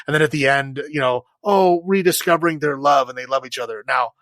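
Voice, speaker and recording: A man's voice: mid-range voice, brisk, a bit bright, dry recording. A man co-hosting a podcast, chatting casually about a movie in a rambling way, full of fillers and frequent laughs. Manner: rambling, many fillers, laughs while criticizing. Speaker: podcast co-host. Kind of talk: casual movie review chat.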